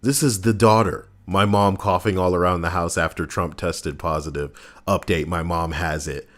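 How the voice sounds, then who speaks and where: A man live-streaming, reacting and chatting casually, swinging between loud outbursts and low mutters. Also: steady tone, normal speed.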